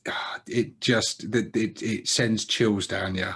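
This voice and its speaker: A man co-hosting a casual chat about films, animated, laughing often and swearing freely. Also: fairly low pitch, slow pace, slightly rough. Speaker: podcast co-host.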